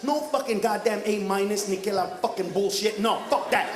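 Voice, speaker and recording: A male stand-up comedian ranting profanely and shouting his punchlines on stage. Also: high-pitched, moderate pace. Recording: echoey live comedy club with crowd.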